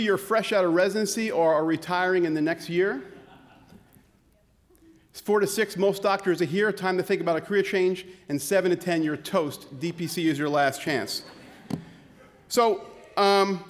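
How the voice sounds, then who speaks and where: A man giving a comedic keynote talk as a physician, with a sarcastic, punchy delivery, laughter from the audience now and then. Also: high-pitched. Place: conference hall. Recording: long hall reverb.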